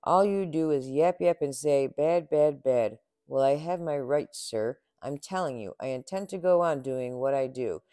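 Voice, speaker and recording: A greedy storybook factory owner yells back with stubborn, boastful defiance, as a man reading aloud plays him. The voice sits a little high for a man and is recorded dry and close. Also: unhurried, few pauses, no room sound, close to an everyday voice. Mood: defiant.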